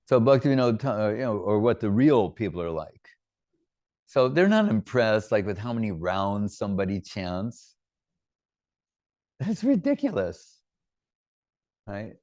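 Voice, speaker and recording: A man with a low voice gives an informal sermon as a spiritual teacher. He talks in a chatty, joking way, full of stories and casual fillers. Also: sing-song, measured pace, pauses often, darkish tone, dry recording. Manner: chatty, humorous, storytelling, many fillers.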